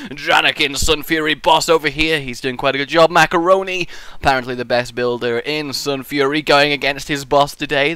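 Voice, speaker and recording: A man hosting a building contest and giving live game commentary, full of goofy rambling tangents and excitable outbursts. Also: fairly high pitch, clear, resonant tone, no echo.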